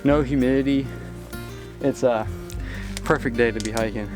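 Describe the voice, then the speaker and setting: A young man talks casually to his camera while hiking uphill outdoors, audibly out of breath from the climb. His voice sits at an ordinary middle pitch. A faint music bed plays quietly underneath. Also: fairly even intonation, normal speed. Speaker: hiking vlogger. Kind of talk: casual vlog talk to camera. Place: outdoors on a mountain trail.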